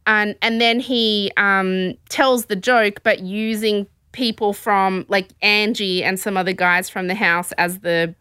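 A woman hosting a casual podcast, telling a story in an animated, chatty way. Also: medium pitch, unhurried, hardly any pauses, clear, resonant tone, no echo, studio quality. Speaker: podcast host. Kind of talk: casual chat recapping a show.

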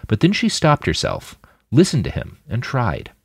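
A man narrating a thriller audiobook in an expressive, dramatic manner. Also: medium pitch, normal speed, creaky, breathy edge, dry recording, clean studio sound. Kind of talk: scripted narration.

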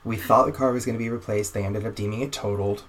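Lower-voiced young man telling a wry story. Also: fast, crowd noise. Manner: animated, wry storyteller who acts out quoted exchanges. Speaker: guest telling a personal story. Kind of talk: casual conversational storytelling.

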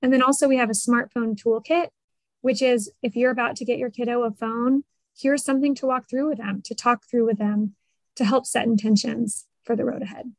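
Earnest higher-voiced woman guest. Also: fairly even intonation, fairly quick, no echo, rough recording. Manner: earnest, encouraging, articulate. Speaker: podcast guest, parenting tech advocate. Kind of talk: conversational interview.

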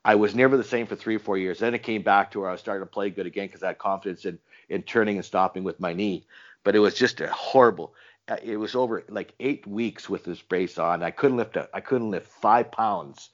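An older man with a low voice tells his stories with animated energy, circling back over his words. The recording sounds dull and lo-fi. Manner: animated, repeats words, acts out dialogue. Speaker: retired pro hockey player as guest. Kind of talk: casual interview storytelling.

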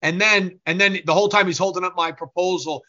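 A man with a fairly high, bright voice tells a business story as an interview guest. He is animated and acts out the people he quotes. The audio is a bit dull and lo-fi. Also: fast.

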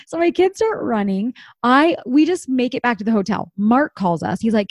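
A woman in her thirties chats casually as an animated storyteller, acting out quotes and laughing often. Her voice is slightly high, her pace is normal, and the recording is dry and close.

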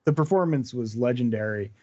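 A man's voice: mid-range voice, expressive, a little fast, dark tone, no room sound. A man co-hosting a casual podcast chat, enthusiastic and agreeable, laughing often. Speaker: podcast co-host. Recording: dry, dull lo-fi sound.

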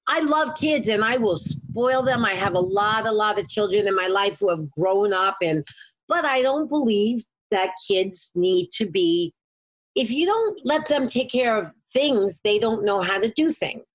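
A woman's voice: mid-range voice, a little slow. A middle-aged woman, a guest, chatting casually and telling rambling stories, often stopping and restarting her sentences. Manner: rambling, self-interrupting, animated storyteller. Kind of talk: casual chat.

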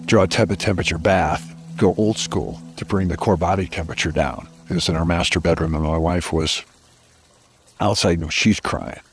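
A man's voice: sits low, moderate pace, soft background music. A middle-aged man as a podcast guest, earnestly telling a personal story with reflective emphasis.

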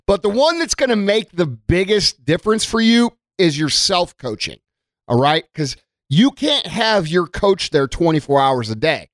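Fired-up guy preaching self-discipline, cussing a lot, kinda high voice, dead dry close mic. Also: very animated, normal speed, a bit bright, no echo. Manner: blunt, profane, emphatic. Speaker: motivational content creator. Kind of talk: motivational monologue.

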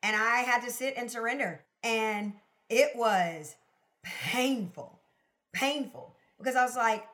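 A woman guest in a casual interview, telling her story in an expressive, emphatic way and laughing often. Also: on the high side, moderate pace. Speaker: podcast guest, sales consultant.

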